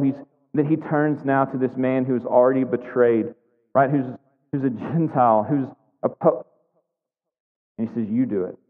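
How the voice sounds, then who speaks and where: A man preaching a sermon, retelling a scripture story conversationally and checking in with "right?" as he goes. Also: mid-range voice. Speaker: pastor. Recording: echoey hall, thin phone-like sound.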